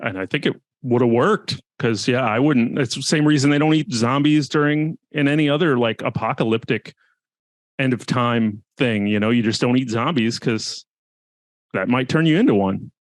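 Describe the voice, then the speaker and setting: A man's voice: mid-range voice, moderate pace, dry recording. A man co-hosting a casual podcast chat, talking in an enthusiastic, laid-back, joking way. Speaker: podcast co-host.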